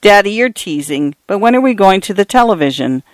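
A man's voice: sits high, big pitch swings, fairly quick, dry recording, voice pushed up. A man reading aloud and voicing a shy, curious young daughter. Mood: eager.

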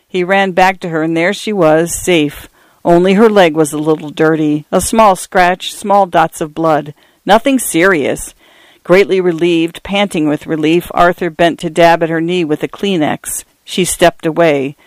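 A man reading a story aloud in a measured, even audiobook narration. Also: on the high side, dry recording.

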